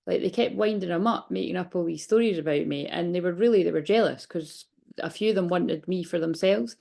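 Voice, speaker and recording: A woman's voice: lowish voice, fairly quick, creaky, dark tone. A woman in her late thirties doing a chatty, rambling tarot reading vlog, hiccuping and a bit out of breath. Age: 30s. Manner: rambling, chatty, many restarts. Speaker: tarot reader.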